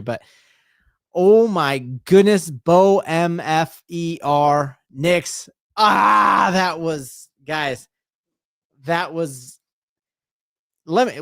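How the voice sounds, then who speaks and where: Man, live fan play-by-play, excitable, rambling casual delivery, medium pitch, dry close sound. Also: no room sound. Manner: excitable, bursts into loud repeated exclamations; rambling, casual, full of fillers and restarts.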